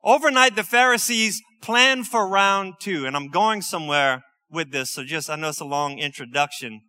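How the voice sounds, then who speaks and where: A man preaching at a midweek service. His voice sits high and sounds bright and forceful. He talks loosely and conversationally, slipping in asides and quick laughs between scripture readings. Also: expressive. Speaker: pastor. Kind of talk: sermon.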